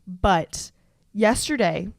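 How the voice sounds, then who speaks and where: A woman's voice: mid-range voice, animated, extremely slow, dry recording, clean studio sound. A woman in her twenties, a podcast host telling casual stories in a chatty, profane way, full of fillers and restarts. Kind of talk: casual storytelling chat.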